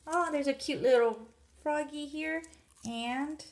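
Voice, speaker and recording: A woman vlogger unboxing a gift package, gushing and gasping with excitement. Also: high-pitched, slow.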